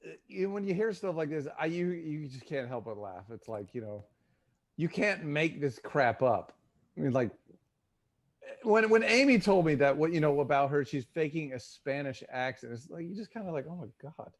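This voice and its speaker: Amused man, lively and high-pitched. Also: normal speed. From Texas. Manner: amused, laughing. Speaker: podcast co-host. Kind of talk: casual chat.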